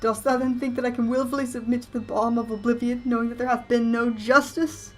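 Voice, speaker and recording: A woman voicing a mournful, grandiose male knight ghost who speaks in archaic, theatrical drawn-out phrases. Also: on the high side, steady tone, soft background music, voice pushed up, natural voice. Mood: aggrieved.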